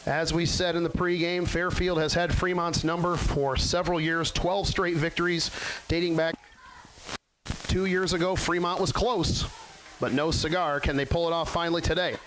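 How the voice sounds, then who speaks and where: Excitable high-voiced man calling football. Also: moderate pace, background noise. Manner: folksy, excitable hype. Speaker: play-by-play announcer. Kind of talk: local sports webcast commentary.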